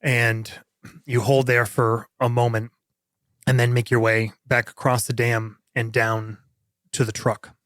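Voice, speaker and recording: Guy gm narrating a horror tabletop game, pretty monotone, dry close mic, lots of ums. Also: medium pitch, unhurried, dry recording. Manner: steady descriptive narration with many fillers. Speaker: game master.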